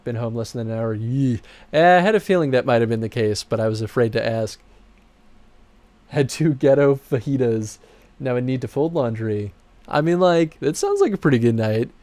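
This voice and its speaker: A man casually chatting with viewers on his livestream while game credits roll. He laughs often and his voice jumps high when he gets excited. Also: normal speed, no echo. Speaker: streamer and game producer.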